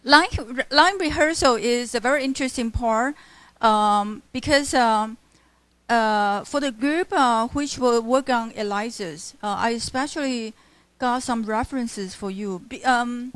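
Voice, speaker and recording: A woman teaching a university literature class. She speaks very slowly and halts often, restarting her words. Her voice sits a little high and sounds dry and close. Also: a bit bright, no echo. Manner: halting, full of fillers and self-corrections. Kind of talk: classroom lecture.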